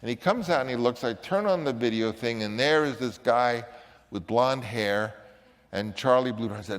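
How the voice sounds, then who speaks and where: A man's voice: medium pitch, moderate pace, big-room sound. An older man, a film director, telling rambling anecdotes with frequent restarts. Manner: rambling, with many restarts and acted quotes. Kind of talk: casual anecdote.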